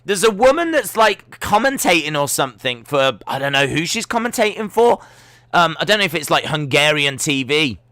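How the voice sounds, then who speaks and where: Man, live football watch-along host, gravelly voice, dry close sound, reads viewer comments. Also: very high-pitched, dry recording. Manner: reads viewer comments, excitable shouting at goals.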